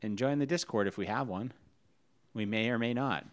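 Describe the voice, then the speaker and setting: A man's voice: mid-range voice, normal speed. A man co-hosting a podcast in casual chat, dry and teasing. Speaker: podcast co-host.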